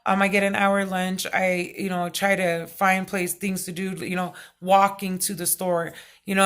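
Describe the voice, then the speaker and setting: A middle-aged woman vlogging, telling a personal story in a loud, excitable way, full of fillers. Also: lowish voice. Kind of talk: casual storytelling vlog.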